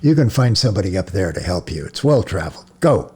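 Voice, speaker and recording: A man reading a novel aloud, voicing a grieving male priest who swings from harsh commands to gentle coaxing. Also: low-pitched, sing-song, normal speed, husky, heavily acted. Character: male priest, grieving, stern then tender. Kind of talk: audiobook character voice.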